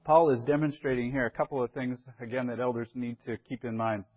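A man's voice: medium pitch, fairly even intonation, a little fast, narrow, tinny audio. A man, a church elder, teaching a Bible class in a conversational way, often checking in with his listeners.

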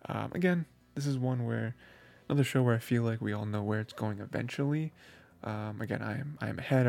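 Gravelly rambling man recapping anime. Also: lowish voice, a little mellow, no room sound. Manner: rambling, filler-heavy, laughs while recounting. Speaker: anime review host.

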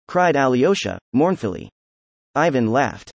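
A man narrating an audiobook in an even, unhurried read. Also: mid-range voice, dry recording. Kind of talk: scripted narration.

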